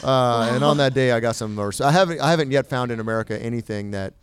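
Smooth-voiced playful man podcasting. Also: medium pitch, fast, dry recording. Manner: playful, rambling storyteller with lots of fillers. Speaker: podcast co-host. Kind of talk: casual chat.

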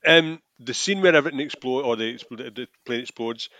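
A man with a middle-pitched, bright voice chats about a film and pokes at its plot holes. He laughs easily. The sound is close and dry. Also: fairly quick, dry recording. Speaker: podcast co-host. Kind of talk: casual film chat.

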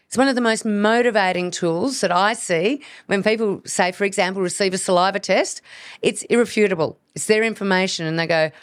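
A woman's voice: mid-range voice, brisk, no echo, clean studio sound. A woman hosting an educational podcast, talking earnestly in a coaching manner and acting out inner voices. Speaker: podcast host, hormone practitioner. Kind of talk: solo educational podcast talk.

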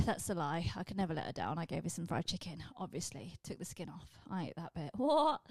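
A woman with a British accent hosting a podcast, talking in a casual comedic monologue with jokey, wry deadpan asides. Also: lowish voice, fast, dry recording. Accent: British English. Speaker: podcast host.

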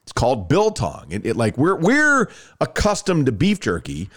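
A man hosting a sports radio show, talking football and reading ads in a lively storytelling way. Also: medium pitch, moderate pace. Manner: animated storyteller, lively ad delivery. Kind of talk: sports talk and live ad reads.

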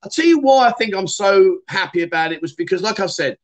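A man's voice: high-pitched, lively intonation, fairly quick. A middle-aged man, hosting a casual livestream and chatting loosely with many fillers and restarts. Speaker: livestream host.

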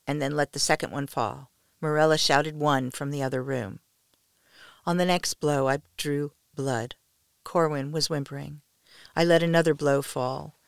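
A woman podcast storyteller reading a first-person story in a soft, intimate manner, often near a whisper, with a gravelly voice. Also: deep voice, no room sound, clean studio sound.

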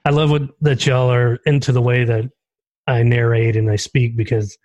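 A man from Texas, a guest podcaster, talking in a relaxed, thoughtful way about his show and asking for advice. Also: mid-range voice, normal speed, no echo, lo-fi sound. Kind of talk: casual chat.

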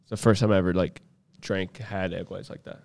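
A man's voice: low-pitched, steady tone, brisk, gravelly, a little mellow. A man co-hosting a podcast in laid-back casual chat, goofy and playful. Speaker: podcast co-host.

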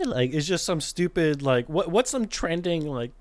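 A man's voice: fairly high pitch, expressive, normal speed, no echo. A young man co-hosting a podcast in casual chat, rambling, swearing and laughing often. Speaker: podcast co-host.

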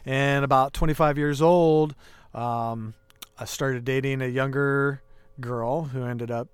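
A man's voice: mid-range voice, fairly even intonation, slow, clean tone, dry recording. Podcast guest, male, 30s: candid, emotional storyteller, clean voice, dry studio mic. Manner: earnest, emotional, acts out quoted dialogue.

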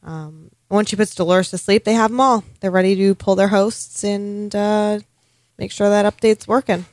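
A woman co-hosting a casual podcast, chatting about an episode in quick bursts with fillers. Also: medium pitch, steady tone, darkish tone, no room sound. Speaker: podcast co-host. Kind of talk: casual chat recapping a TV episode.

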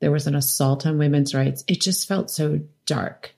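A middle-aged woman, a documentary director, telling animated stories in a podcast interview and acting out quotes. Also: low voice, moderate pace, vocal fry. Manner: animated storytelling, laughs often, acts out quotes. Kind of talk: conversational interview.

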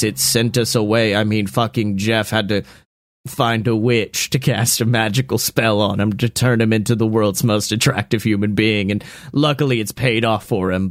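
A man voicing Bigfoot as a tired male creature who pleads in a low, weary way. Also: no echo, studio quality, natural voice.

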